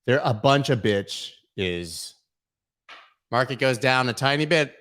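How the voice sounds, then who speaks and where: This crypto livestream host has a mid-range, fairly bright voice that's animated yet unhurried. He goes over charts casually, irreverent and profane, with plenty of mockery.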